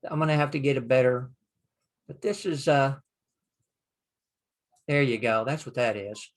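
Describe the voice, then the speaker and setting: An older man teaching a Bible Hebrew lesson, slowly sounding out Hebrew words and explaining them with frequent pauses. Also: medium pitch. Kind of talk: screen-share lesson.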